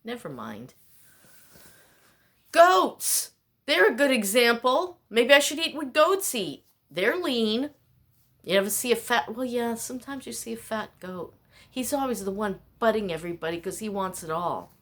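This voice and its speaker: A woman's voice: fairly high pitch, animated, moderate pace. A woman vlogger delivering a rambling, exasperated, self-mocking monologue.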